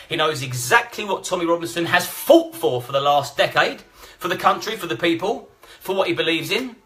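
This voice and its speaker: A man's voice: sits high, pushed and bright. A blunt, combative man, ranting and swearing through live-stream commentary. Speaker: vlogger.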